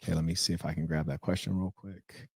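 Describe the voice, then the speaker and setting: A man's voice: deep voice, level tone, quick pace, vocal fry, slightly rough, no echo, clean studio sound. A man hosting a casual livestream, talking loosely with slang and mocking asides. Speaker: livestream host.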